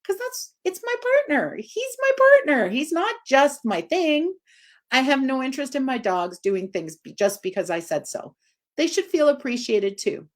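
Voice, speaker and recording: Her voice moves at normal speed as this dog trainer, a woman in her forties, talks informally on live video. She's expressive and lifts her pitch high to stress key words.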